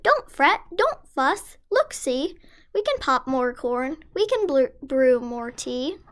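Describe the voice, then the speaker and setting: A woman voicing a tiny, fussy male mouse in a storybook reading, with high squeaky exclamations. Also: sing-song, slow pace, a bit bright, exaggerated voice. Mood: soothing.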